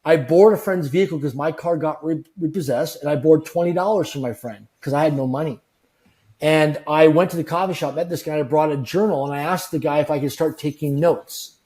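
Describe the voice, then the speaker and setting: A man tells motivational stories from his own life. He sits a little high in pitch and sounds earnest and emphatic. He acts out the other people in his stories and drives his lessons home by repeating them. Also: fairly quick, darkish tone. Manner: earnest, repetitive, emphatic with quoted dialogue. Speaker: interview guest. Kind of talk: motivational storytelling.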